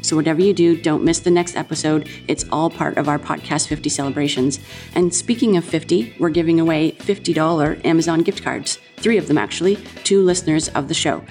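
A woman's voice: sits low, a little fast, darkish tone, faint music behind. A woman with a Canadian accent hosting a podcast interview, talking in an upbeat, conversational way. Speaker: podcast host.

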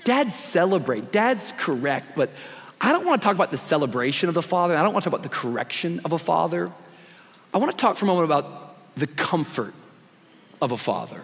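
A man in his thirties, appearing as a guest pastor, preaches a live sermon to a church congregation in a casual, slangy, high-energy style. His voice is a little high and fairly bright, with big pitch swings and a fairly quick pace, and the recording carries the long reverb of a big hall.

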